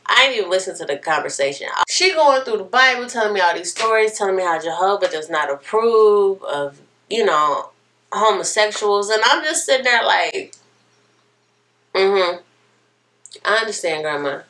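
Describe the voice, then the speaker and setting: A young woman tells a personal story straight to her camera, candid and expressive. Her pitch swings up and down a lot and her tone is bright. She sits a little way back from the mic indoors. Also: recorded from a distance. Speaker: vlogger. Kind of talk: casual storytelling.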